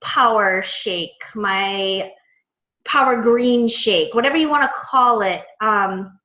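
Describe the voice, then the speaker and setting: A woman in her thirties telling a story to her coaching team in a chatty, animated way, full of quoted dialogue. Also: medium pitch, slow pace. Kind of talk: casual storytelling talk to a team. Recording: echoey, dull lo-fi room sound.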